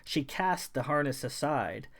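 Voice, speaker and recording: Male author narrating sci-fi fiction, measured, even storytelling read. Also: mid-range voice. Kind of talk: audiobook narration.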